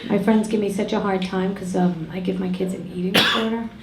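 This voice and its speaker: A woman's voice: mid-range voice, brisk. Brash middle-aged woman doing stand-up. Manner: deadpan, brash, crude punchlines. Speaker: stand-up comedian. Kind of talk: stand-up comedy set. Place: comedy club stage. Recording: echoey room, loud audience noise.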